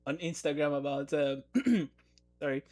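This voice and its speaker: Man, podcast host, a bit high-pitched, supportive, casual chat. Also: unhurried, a little mellow. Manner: supportive, lots of mm-hmms and agreement. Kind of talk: casual conversation.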